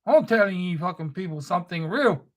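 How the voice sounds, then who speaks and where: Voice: mid-range voice, lively intonation, brisk. A speaker delivering an angry, profane, sneering spoken-word rant.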